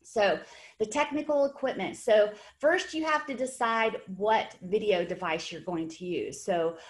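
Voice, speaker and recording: A woman with a mid-range voice, speaking a little slowly, hosts a webinar presentation for fitness trainers. Her manner is upbeat, encouraging and conversational.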